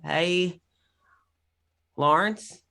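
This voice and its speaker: A game master voicing a hesitant male adventurer who speaks in halting bursts, pitched well above their own voice. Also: creaky, bright, forceful tone, exaggerated voice. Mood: awkward. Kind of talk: tabletop game character voice.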